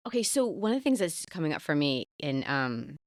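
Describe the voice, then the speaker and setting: A woman's voice: low voice, sing-song, fairly quick, dry recording. A woman hosting a podcast interview who thinks aloud in a candid, rambling way, full of "like" fillers. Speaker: podcast host.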